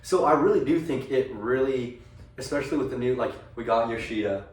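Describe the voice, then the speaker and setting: Stammering young man, echoey distant mic. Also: mid-range voice. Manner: eager, stammering restarts, quick to laugh. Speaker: podcast co-host. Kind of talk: casual sports chat.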